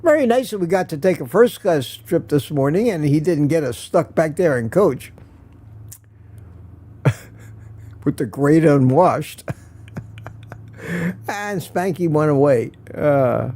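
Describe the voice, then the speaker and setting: A man's voice: a little high, animated, slow pace, long pauses, warm tone. A man hosting a casual live morning stream, telling rambling stories, chuckling often and answering viewer comments.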